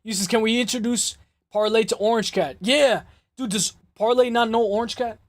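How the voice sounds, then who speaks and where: High-voiced man hosting a fight stream. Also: steady tone, moderate pace, dry recording. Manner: loose, swearing, reads chat aloud. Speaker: host of a live MMA stream. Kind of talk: casual live-stream chat.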